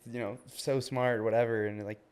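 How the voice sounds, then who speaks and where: A smooth, darkish mid-range voice with little pitch movement belongs to a man in his twenties co-hosting a podcast. He talks fairly quickly in casual, loose, rambling chat, full of "like" and "man."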